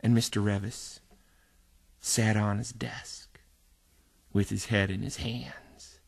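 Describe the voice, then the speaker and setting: A male storyteller telling a funny school story in an animated way, sometimes singing. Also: on the low side, takes it slowly, gravelly. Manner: animated, sings the silly song. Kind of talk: live storytelling to music. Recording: reverberant hall, guitar behind.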